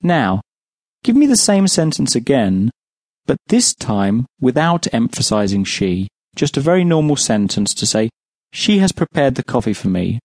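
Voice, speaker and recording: A man's voice: mid-range voice, big pitch swings, normal speed, a little mellow, dry recording. Patient English man teaching a language. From England. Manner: patient, explains and then asks the listener to answer. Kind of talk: audiobook language lesson, prompting the listener.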